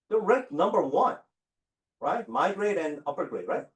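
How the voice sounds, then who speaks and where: A man teaching a high school chemistry class and telling stories, with an animated delivery that keeps asking the students "right?". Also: fairly quick, breathy edge. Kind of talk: classroom lecture with storytelling.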